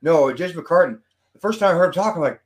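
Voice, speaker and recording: A man's voice: on the high side, animated, quick pace. A man in casual podcast chat, earnest and musing, with lots of fillers. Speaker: podcast panelist.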